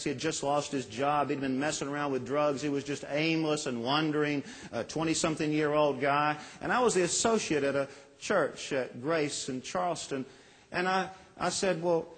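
Pastor preaching in a reverberant hall. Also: male voice, on the high side. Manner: earnest preaching with dramatic pauses and acted quotes. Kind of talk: sermon.

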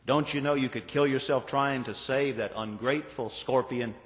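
A man voicing a scornful male passerby who shouts in exasperation, in a reverberant hall. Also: mid-range voice, fairly even intonation, moderate pace, natural voice. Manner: mocking, exasperated.

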